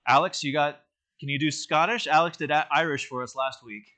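A man's voice: on the high side, fairly even intonation, brisk, bright, forceful tone. A man teaching an interactive church lesson in a conversational way, with many fillers and restarts.

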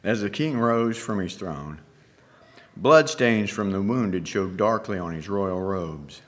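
A male preacher tells an allegory as a sermon, his voice sitting low and dropping to a hush on the tense moments. He reads dramatically and leaves slow pauses between phrases. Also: expressive. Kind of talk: sermon storytelling.

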